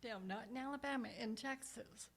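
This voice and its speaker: An older woman, a guest minister, telling a personal story in a conversational sermon, with soft asides and frequent restarts. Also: a little high, fairly quick. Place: church.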